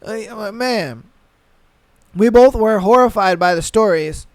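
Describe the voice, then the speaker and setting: A man hosting a podcast, reading listener stories and reacting with blunt, profane, animated comments. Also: high-pitched, slow, dry recording. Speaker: podcast host. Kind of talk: casual reaction to read-out stories.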